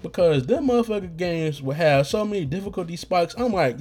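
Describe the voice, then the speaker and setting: A hoarse young man hosts a podcast, rambling in slangy, profane talk full of restarts. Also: a little high, lively intonation, brisk, few pauses, warm tone, faint music behind. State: getting hoarse. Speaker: podcast host. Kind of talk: rambling casual monologue.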